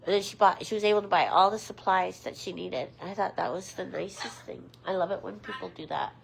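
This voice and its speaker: A woman hosting a casual livestream with her pet parrots, chatting with viewers and switching to high, sing-song baby talk for her birds. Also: a little fast, gravelly. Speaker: pet parrot channel host. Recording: loud background noise with bird clicks.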